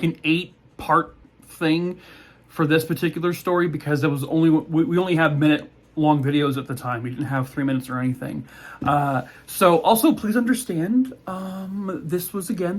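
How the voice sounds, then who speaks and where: A man who makes true crime videos, talking in a joking, irreverent way, with swearing and asides. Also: a little high. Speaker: true crime TikTok creator. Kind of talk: casual chat and comedic history narration.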